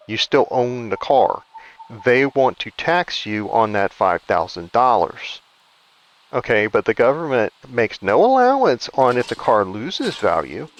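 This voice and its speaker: Over a rough recording, a man with a fairly low voice gives casual, rambling commentary while playing a survival game for a gaming video. He rants and keeps restarting.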